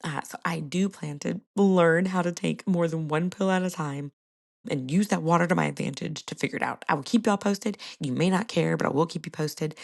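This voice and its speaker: A woman's voice: low voice, creaky. A young woman hosting a casual solo podcast, chatting to listeners and laughing often. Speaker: podcast host.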